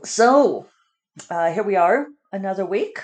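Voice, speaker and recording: A woman's voice: medium pitch, animated, unhurried, darkish tone. Woman doing her weekly vlog catch-up, rambly, lots of ums and little laughs, easygoing chat. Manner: chatty and rambling, with many fillers and laughs. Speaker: writer giving a weekly video update. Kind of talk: casual chat.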